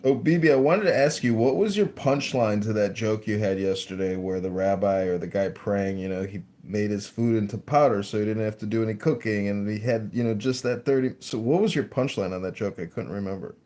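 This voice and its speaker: Low-voiced man asking blunt questions. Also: a little fast, hardly any pauses, mellow. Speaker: podcast panelist. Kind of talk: casual chat.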